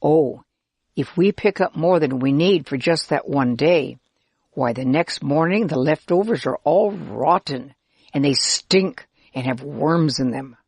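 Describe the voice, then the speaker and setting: A woman's voice: low-pitched, unhurried, a little mellow, husky, no room sound, full character voice. A woman voicing a friendly, helpful Israelite man who cheerfully explains camp life in a children's story. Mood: explaining. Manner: kindly, cheerful, explaining patiently.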